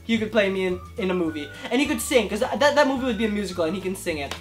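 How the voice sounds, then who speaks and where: In a casual Q&A vlog, a YouTube creator in his twenties answers viewer questions to the camera in front of him, with faint music playing behind. His high voice races along, excitable and gushing, with lively swings in loudness.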